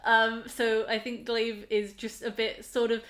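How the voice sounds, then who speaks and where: A woman's voice: on the high side, little pitch movement, unhurried, fairly bright tone. A woman playing a tabletop game, describing her character's actions in a hesitant, giggly way full of fillers. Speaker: player. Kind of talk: casual tabletop play.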